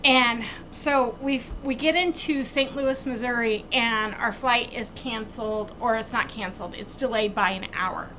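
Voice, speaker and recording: A woman hosting a craft vlog, telling a long travel mishap in a casual, animated way and acting out the quoted back-and-forth. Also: high-pitched, a little hiss or hum, rough recording. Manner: animated retelling, acts out quoted exchanges. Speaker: craft channel host.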